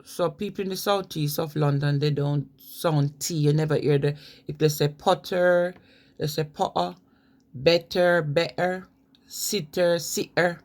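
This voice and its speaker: In a casual explainer on accents, a woman vlogger with a deep, darkish voice talks about regional speech, spelling words out letter by letter and mimicking the way locals pronounce things.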